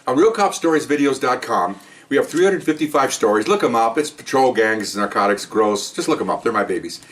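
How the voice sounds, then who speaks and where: Man, middle-aged, former police officer, storytelling monologue, quick pace, mid pitch, sarcastic. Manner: animated, sarcastic asides, mimics people he quotes. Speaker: retired police officer, podcast host.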